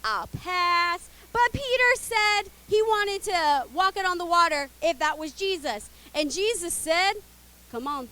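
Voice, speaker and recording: Animated woman telling kids a Bible story. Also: extremely high pitch, measured pace, few pauses. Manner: playful, expressive, gets kids to call out and join in. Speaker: children's church teacher.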